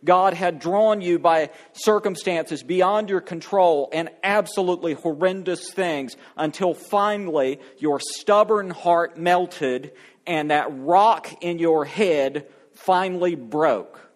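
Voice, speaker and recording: A man preaching a sermon, reading scripture aloud and then exhorting the congregation, stretching words out slowly for emphasis. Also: on the high side. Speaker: pastor.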